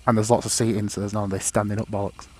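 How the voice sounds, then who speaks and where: Talking very fast in a flat, dark-toned, lowish voice, this man vlogs from his motorbike outside. His commentary rambles, swears, and pokes fun at himself, recorded through a mic on his helmet or bike.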